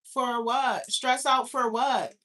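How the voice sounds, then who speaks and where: Young woman from New York, livestream host; bright, higher voice, profane and animated rant. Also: slow. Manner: profane, animated, talks back to chat.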